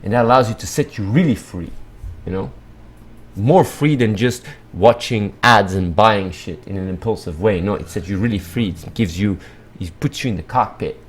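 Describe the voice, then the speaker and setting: Rambling, blunt man with a low voice. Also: normal speed, breathy edge. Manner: rambling, repetitive, lots of filler and restarts; blunt, swears casually. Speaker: livestream host. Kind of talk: casual livestream monologue.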